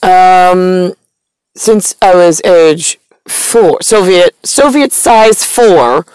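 Woman, vlog monologue, meandering, lots of ums, unhurried. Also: on the low side, a little mellow, clean tone, no room sound, low-quality recording. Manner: meandering, stream-of-consciousness, frequent ums. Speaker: vlogger. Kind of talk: rambling monologue to camera.

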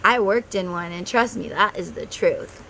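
A woman's voice: on the low side, normal speed, vocal fry, pushed and bright, a little hiss or hum, rough recording. A middle-aged woman who runs a spiritual vlog, talking to viewers in a casual, heartfelt way. She gives earnest advice and speaks straight to the viewer. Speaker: tarot and spiritual vlogger.

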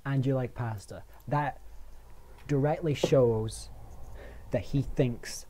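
A man's voice: medium pitch, slow, dark tone. A man in a comic, mock-outraged rant, swearing freely and rambling with stammered restarts. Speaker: video maker.

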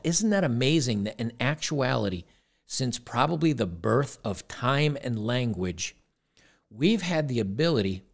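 A man with a gravelly, mid-pitched voice hosts a casual reaction commentary. He rambles and doubles back on his words, and he drops in dry, sarcastic asides as he goes. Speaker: commentary channel host.

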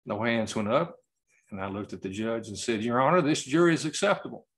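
A man giving an award acceptance speech over a video call, telling a story slowly and haltingly and choking up at times. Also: mid-range voice. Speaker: award recipient.

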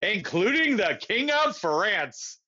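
A man voicing a stern, busy middle-aged male president who speaks briskly and formally, in a dull lo-fi recording. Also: high-pitched, sing-song, pushed and bright, voice pushed up, full character voice.

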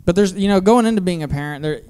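A man in his thirties doing a stand-up comedy set on a theater stage, telling crude family stories with a deadpan, self-mocking delivery into a handheld mic. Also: sits high, fast, clear, resonant tone.

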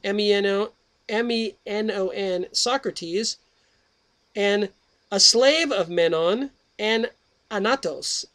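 A man's voice: sits high, slow pace. A man hosting his own comedy healing show, talking in a jokey, rambling way and then reading a book aloud. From United States. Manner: jokey, rambling, with sudden jumps in loudness. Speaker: radio show host.

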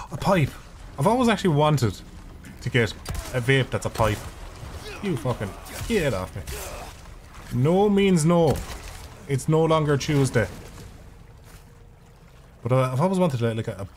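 A man's voice: mid-range voice, a little mellow, slight background noise. A man streaming a video game, giving casual, profane and rambling commentary with jokes as he plays. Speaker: gaming streamer.

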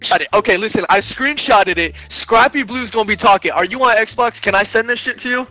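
A young man in casual game voice chat, excitable and rambling, swearing and saying "bro" constantly over a headset mic. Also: sits high, fairly quick, faint music behind, low-quality recording. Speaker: online player in game voice chat.

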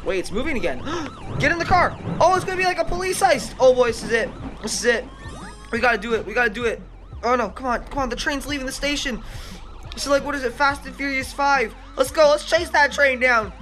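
A male gaming YouTuber giving excitable let's-play commentary, often shrieking and laughing at the game. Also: very high-pitched, fairly quick, a little hiss or hum. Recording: game music playing loudly behind. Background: game music and sirens.

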